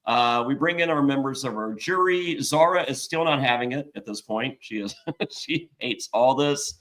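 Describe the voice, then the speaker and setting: A man's voice: mid-range voice, lively intonation, moderate pace, fairly bright tone. A man hosting a casual reality-show recap, joking and acting out quotes from the episode. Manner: jokey, recaps scenes in mimicked quotes. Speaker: podcast host.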